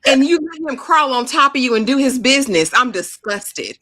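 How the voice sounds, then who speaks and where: A woman's voice: high-pitched, expressive, normal speed, sharp tone, no echo. A woman co-hosting a reality TV review show in casual chat, blunt and scornful as she mocks the cast.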